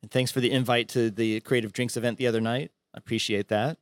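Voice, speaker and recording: A man's voice: medium pitch, fairly even intonation, fast talker, dry recording, clean studio sound. A man hosting a podcast, thanking his guest and carefully spelling out names in a friendly way. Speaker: podcast host. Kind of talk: interview wrap-up.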